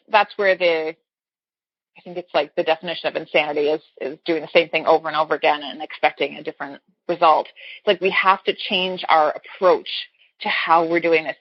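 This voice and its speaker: A woman's voice: sits low, slightly rough, dry recording. A woman guest on a talk show, a fertility coach, speaking earnestly in a casual interview and explaining things through everyday analogies. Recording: dull, lo-fi sound.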